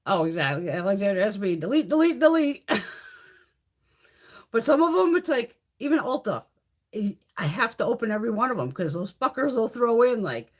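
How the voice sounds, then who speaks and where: A woman's voice: medium pitch, big pitch swings, normal speed. A woman hosting a live beauty stream, chatting with viewers in a blunt, profane, ranting way and laughing often. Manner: laughs often while talking. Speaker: beauty livestream host.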